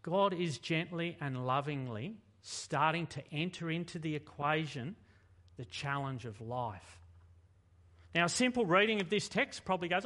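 High-voiced preacher. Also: male voice, measured pace. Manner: animated, conversational preaching with rhetorical questions. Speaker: pastor. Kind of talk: sermon.

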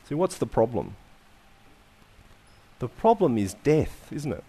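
A man preaching a sermon, asking rhetorical questions and letting his phrases fall to quiet endings. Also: medium pitch, very animated, slow, long pauses, breathy edge.

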